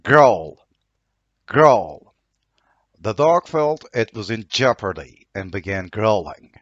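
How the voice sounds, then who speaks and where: A man's voice: fairly low pitch, big pitch swings, measured pace, dry recording, lo-fi sound. A man with a Turkish accent teaching English vocabulary, saying each word twice and reading an example sentence. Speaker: language teacher.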